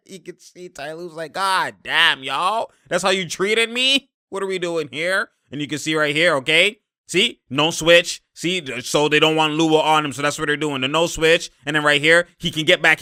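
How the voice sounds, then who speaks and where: A young man giving a casual basketball breakdown over game highlights. He is excitable, laughs often and keeps repeating his catchphrases. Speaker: basketball commentator.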